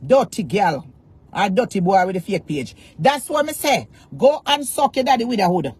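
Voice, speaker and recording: A Jamaican woman delivers a defiant rant, cursing in Patois and hammering the same taunts over and over. Her voice is husky and worn. She sits in the middle range of pitch for a woman. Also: sing-song, moderate pace, a little mellow. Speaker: social media personality. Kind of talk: angry rant to camera.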